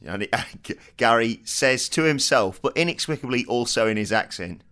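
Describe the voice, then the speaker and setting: A man's voice: medium pitch, lively intonation, normal speed, pushed and bright. A man playing a tabletop game, narrating his character's actions with amusement. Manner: amused, giggly. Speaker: player.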